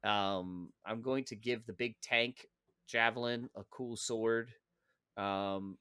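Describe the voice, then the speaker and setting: Bright, foul-mouthed ranting man. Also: fairly low pitch, steady tone, slow, clean tone, no room sound, clean studio sound. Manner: profane, ranting and sarcastic. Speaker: podcast co-host. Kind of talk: casual podcast chat.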